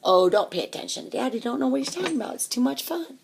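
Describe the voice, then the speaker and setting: A woman voicing her older brother as a boy in a spoken story, coaxing and daring in a raised, loud voice. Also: high voice, expressive, quick pace, creaky, a little hiss or hum, pitched above the performer's own voice. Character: bold older boy egging his sister on.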